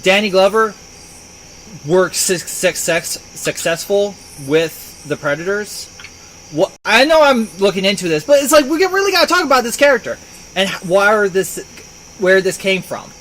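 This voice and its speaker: A man's voice: high voice, expressive, moderate pace, fairly bright tone, slight background noise, low-quality recording. A man talking casually as a player in a tabletop game, rambling into enthusiastic tangents.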